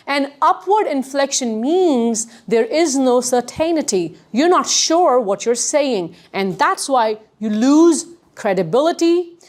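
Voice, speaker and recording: A woman trainer gives a lecture to a class, her voice high and swooping widely in pitch. She acts out rising and falling tones to make her point and keeps asking the students questions. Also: darkish tone. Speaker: communication trainer.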